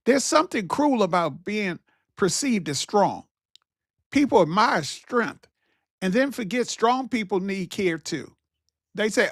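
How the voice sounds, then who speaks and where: A man's voice: high-pitched, animated, measured pace, fairly bright tone, dry recording. Preachy man musing in a dry room. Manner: preachy, conversational, repeats phrases. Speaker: podcast host. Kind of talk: casual monologue.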